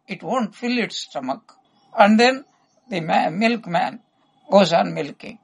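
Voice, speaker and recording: A man delivers a spiritual discourse, unhurried and full of retold stories. His voice is gravelly and husky, with a breathy edge. He pauses now and then to clear his throat. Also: sits high, expressive, low-quality recording. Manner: unhurried, retells stories with quoted dialogue, frequent throat clearing. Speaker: spiritual teacher. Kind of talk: devotional discourse with storytelling.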